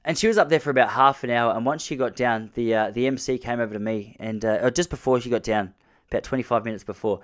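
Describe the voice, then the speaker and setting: A man's voice: medium pitch, fast talker. A man from Australia with an Australian accent, telling wry, chatty comic stories as a vlogger. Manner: chatty, wry, many restarts and quoted voices. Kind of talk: casual comic storytelling.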